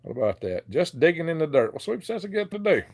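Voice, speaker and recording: A man's voice: a little high, very animated, fast, a little mellow. An older man with a Southern US accent hosting a casual live chat into a handheld phone, folksy and chuckling often. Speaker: livestream host.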